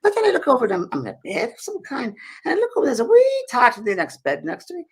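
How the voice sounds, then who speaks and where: A simple, bewildered Scottish woman spirit, as a man puts her on. The put-on Scottish accent swoops high and lilting, tumbling out in a quick, wondering rush. The voice stays a little husky underneath. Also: wildly swooping pitch, heavily acted.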